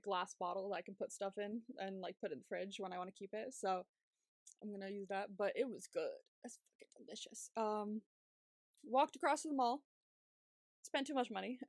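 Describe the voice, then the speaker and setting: A woman's voice: medium pitch, a bit bright, no room sound, studio quality. A young woman co-hosting a podcast, telling a long story in a chatty, laughing way with lots of swearing and fillers. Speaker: podcast co-host. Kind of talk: casual storytelling chat.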